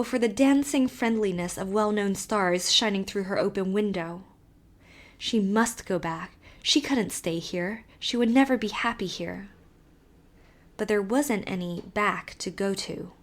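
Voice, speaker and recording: A woman's voice: mid-range voice, a little slow. Woman reading a classic novel aloud. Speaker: audiobook narrator. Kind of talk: scripted narration.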